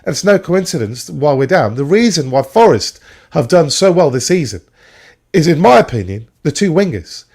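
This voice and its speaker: A man's voice: on the high side, big pitch swings, moderate pace, vocal fry, a little mellow, husky. A man on a fan show, giving long, opinionated takes on football. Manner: opinionated, explains at length. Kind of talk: casual football chat.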